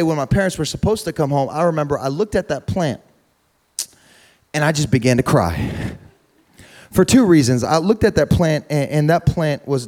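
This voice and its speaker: A young man preaching a sermon through a funny personal story, chatty and repetitive, building to loud preaching. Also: medium pitch. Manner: conversational, humorous, repeats words, rises to loud preaching.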